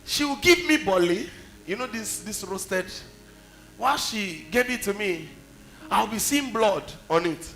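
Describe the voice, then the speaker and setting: A man's voice: high voice, animated, a little slow, a bit bright. A man with a Nigerian accent preaching a sermon, telling stories and firing off rhetorical questions with emphasis.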